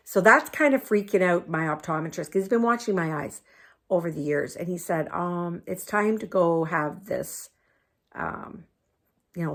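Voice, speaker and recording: A woman's voice: fairly low pitch, a bit bright. An older woman talks casually to her camera in a chatty, rambling way. She laughs often and slips into a cooing tone when she speaks to her dogs. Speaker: vlogger.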